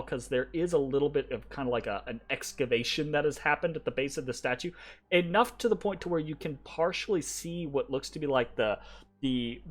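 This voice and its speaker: A man narrating a tabletop game as game master, rambling with fillers and restarts. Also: on the high side.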